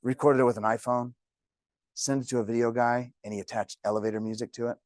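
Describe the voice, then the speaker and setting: A man's voice: medium pitch, level tone, fast, a little mellow, no echo, clean studio sound. A man teaching a real estate class, telling joking stories to the room. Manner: jokey, storytelling. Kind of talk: classroom talk.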